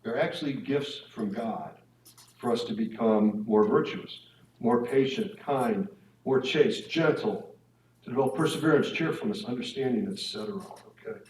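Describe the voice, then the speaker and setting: A man speaks at middling pitch and gives a relaxed, conversational talk to couples. He keeps checking in with his listeners through tag questions. His voice fills a reverberant room and reaches the mic from some distance, with a faint hum of room ambience. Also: moderate pace. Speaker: speaker at a parish marriage evening. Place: church hall or meeting room.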